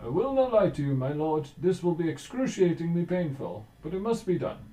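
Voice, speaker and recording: A man's voice: mid-range voice, lively intonation, brisk, dark tone, natural voice. A man voicing a grave male court physician, speaking in a solemn, formal way.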